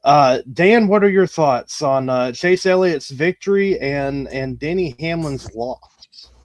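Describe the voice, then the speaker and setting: A man hosting a racing podcast, speaking haltingly with frequent fillers. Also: a little high, lively intonation, no echo. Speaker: podcast host. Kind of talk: casual chat.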